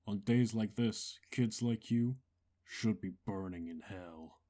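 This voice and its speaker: A man voicing a short, lazy male skeleton with a put-on Bronx-style accent, loud and mouthing every word. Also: lowish voice, takes it slowly, voice pushed down. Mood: menacing. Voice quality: loud, heavy lip movement.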